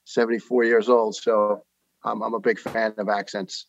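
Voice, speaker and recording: New york guy, 50s, low voice, earnest rambling stories with uhs, dull dry audio. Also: little pitch movement, normal speed, gravelly, a little hiss or hum. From New York City. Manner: earnest storytelling with many uhs. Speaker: podcast guest. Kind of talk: casual interview talk.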